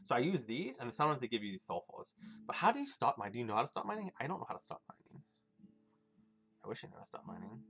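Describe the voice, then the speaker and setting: A man's voice: mid-range voice, huge pitch swings, racing, vocal fry, a bit bright, breathy edge. A man streaming a video game, chatting casually with viewers in a rambling, swearing way. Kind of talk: casual gaming stream chat. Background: game music.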